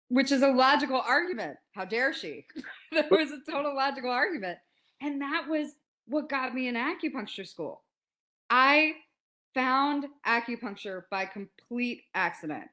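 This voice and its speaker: A woman in her forties, a podcast guest telling a story in a lively, casual way and acting out quotes. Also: sits high, unhurried. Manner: animated, laughs often, acts out quotes.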